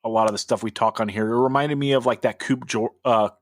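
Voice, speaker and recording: Casual, swearing hardcore podcast host. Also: male voice, mid-range voice, fairly even intonation, fast, no echo, studio quality. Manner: loose and profane, heavy on filler words. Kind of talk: casual chat.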